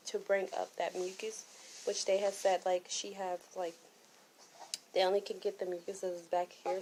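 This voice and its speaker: A woman's voice: medium pitch, poor audio. A young woman vlogging from a hospital room, with loose, rambling talk full of ums and likes. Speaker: mother vlogging her baby's hospital stay. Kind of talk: casual vlog chat. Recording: loud steady rain-sound noise. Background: loud rain sounds from a sound machine.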